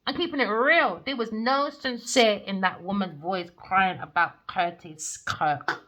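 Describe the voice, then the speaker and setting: A woman's voice: medium pitch, unhurried, pushed and bright. A woman, a tarot reader ranting in a blunt, heated, sweary monologue.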